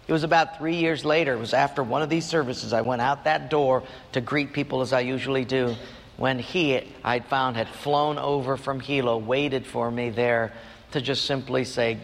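A man's voice: fairly even intonation, normal speed. A man preaching a sermon in church, telling a personal story earnestly and often lifting his voice. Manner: earnest storytelling with sudden rises in pitch. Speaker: pastor. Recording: long church hall reverb.

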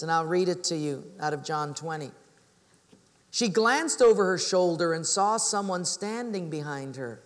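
A man's voice: high-pitched, fairly bright tone, in a large hall. A man preaching as a pastor, telling stories and acting out the voices of the people in them. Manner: storytelling, acts out voices of people in his stories. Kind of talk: sermon.

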